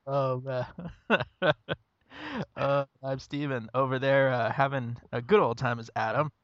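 A man's voice: mid-range voice, slow pace, fairly bright tone, no room sound, highs cut off. A man in his late thirties hosting a podcast, telling stories animatedly and laughing often. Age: late 30s. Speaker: podcast host. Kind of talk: casual podcast chat.

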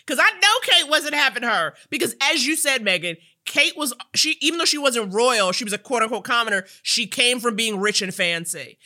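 Sassy bright woman co-host. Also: a little high, animated, moderate pace, hardly any pauses. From United States. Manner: sassy, playful. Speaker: podcast co-host. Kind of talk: casual chat.

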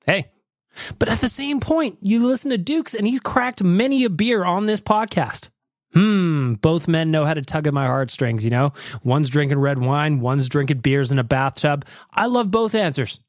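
A man's voice: medium pitch, dry recording, studio quality. A man hosting a casual podcast, reading out voicemails with jokey radio-host patter. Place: podcast studio.

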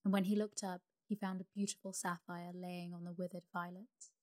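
A woman narrating a bedtime sleep story with a calm, soothing delivery. Her reading is steady and gentle, meant to lull a listener to sleep. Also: on the low side, fairly quick, no room sound.

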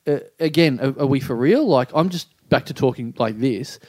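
An Australian comedian telling a story in casual chat, acting out other people's voices and laughing often. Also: male voice, mid-range voice, expressive, normal speed, darkish tone, no echo, clean studio sound. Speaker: comedian guest.

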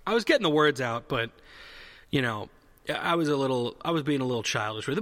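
A man's voice: medium pitch, sing-song, fairly quick, fairly bright tone, in a large hall. A man telling a long, rambling comedic story in casual chat, correcting himself mid-sentence and swearing freely.

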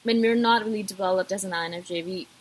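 A woman's voice: mid-range voice, fast, husky, poor audio. A woman vlogger talking casually to camera, emphatic and repetitive, addressing her viewers directly.

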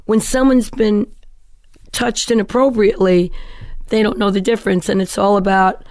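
A middle-aged woman recounts her past as a guest in an interview. Her voice sits at an ordinary pitch and sounds dry and close, with no room around it. She tells the story with energy and slips into the voices of the people she quotes. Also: fairly even intonation, moderate pace, darkish tone, no room sound.

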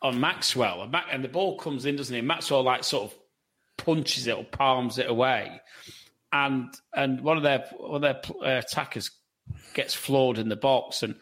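A man's voice: mid-range voice, normal speed, a bit bright. A man on a football podcast panel, rambling with many restarts and question tags. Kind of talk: casual football podcast chat.

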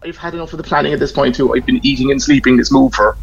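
A man from Cork with a clear Cork accent talks casually as a guest, telling stories with a self-deprecating humour. The audio is a little muffled and lo-fi. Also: mid-range voice, racing. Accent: Cork Irish. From Ireland. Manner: chatty, anecdotal, self-deprecating. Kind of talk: casual interview.

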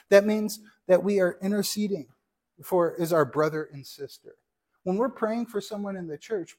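A man's voice: high voice, darkish tone. A man preaching a sermon as a pastor, earnest and teaching, with frequent rhetorical asides.

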